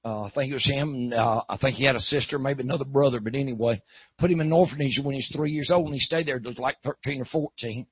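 A man's voice: medium pitch, fast talker, no room sound. A man preaching a folksy sermon, telling a story that climbs to hollering. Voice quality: gravelly, husky. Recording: dull, lo-fi.

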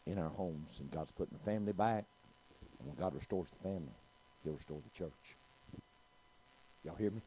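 A man's voice: sits low, warm tone, a little hiss or hum, poor audio. A middle-aged man, preaching a sermon and telling a story, calling out to his congregation. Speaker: pastor.

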